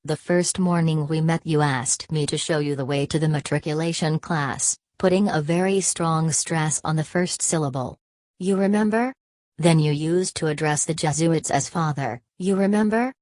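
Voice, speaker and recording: Lady reading a cold defiant young student guy, deep low voice, dry close sound. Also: moderate pace, a little mellow, no echo, lightly acted. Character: proud, aloof young male student.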